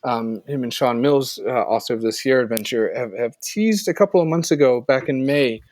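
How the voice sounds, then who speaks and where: A man's voice: mid-range voice, fairly quick, a little mellow, no room sound. Easygoing male podcast host, dry sound. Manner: rambling, self-correcting, wraps up with offhand plugs. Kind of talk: casual podcast chat.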